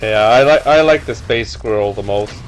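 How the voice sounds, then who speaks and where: A man's voice: fairly low pitch, moderate pace, a little hiss or hum. A man co-commentating a video game over a headset, dry and sarcastic. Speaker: let's play co-commentator. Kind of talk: casual gaming commentary.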